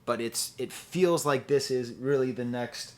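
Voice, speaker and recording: A man's voice: medium pitch, measured pace, a little mellow, a little hiss or hum. A young man reviewing music in a casual, rambling and playful way, often saying "like" and singing short bits of songs. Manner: rambling and playful, with lots of "like" and sung snippets.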